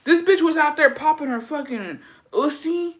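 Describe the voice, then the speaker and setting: A woman vlogger telling a story in casual chat, profane, gossipy and animated. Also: high-pitched, normal speed.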